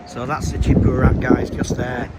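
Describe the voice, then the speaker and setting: A man's voice: mid-range voice, completely flat delivery, moderate pace, heavy background noise. A man, chatting to viewers in a casual travel vlog and calling them folks and guys. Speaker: vlogger.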